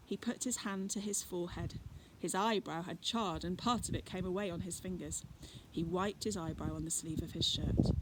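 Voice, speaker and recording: A woman reading a children's adventure book aloud expressively, adding chatty asides. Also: fairly low pitch. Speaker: reader. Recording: noisy recording.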